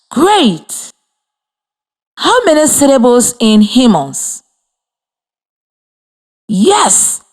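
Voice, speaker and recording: Woman radio teacher for a children's lesson, slow and sing-song, spells out words patiently. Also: medium pitch. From Liberia. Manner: slow, clear and encouraging, spells words letter by letter. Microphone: radio studio mic.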